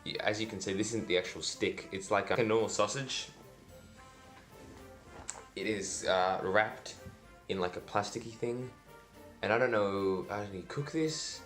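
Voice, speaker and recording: A man's voice: on the low side, unhurried, long pauses, a bit bright, soft background music. A man doing a casual food review vlog, dry and self-deprecating, rambling with lots of fillers. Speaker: food vlogger.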